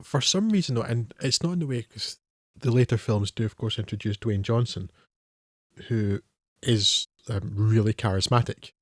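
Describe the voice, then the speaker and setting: A man's voice: fairly low pitch, moderate pace, no echo, studio quality. A man co-hosting a film podcast, talking in a wry, hesitant way with many fillers. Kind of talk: casual film discussion.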